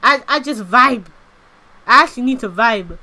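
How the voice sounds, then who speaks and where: Woman, bright voice, giggly rambling livestream chat, casual swearing. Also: fairly high pitch, expressive, moderate pace. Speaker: VTuber streamer.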